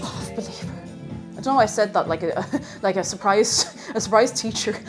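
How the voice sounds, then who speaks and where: A woman's voice: mid-range voice, a little fast, loud music behind the voice. A woman hosting a live stream from her home kitchen, chatting playfully with viewers and making silly asides. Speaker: livestream host. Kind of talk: casual chat with live viewers.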